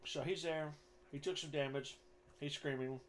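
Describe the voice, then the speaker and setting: A man running a tabletop game online as game master, narrating in a casual, animated way and making sound effects. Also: fairly high pitch, normal speed, slight background noise.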